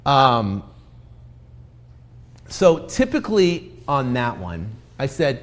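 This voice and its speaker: A man's voice: mid-range voice, slow pace, pauses often. A man teaching real estate investing in a live stream, acting out sales lines to a seller, with many fillers and restarts. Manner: energetic, role-plays sales scripts to a seller.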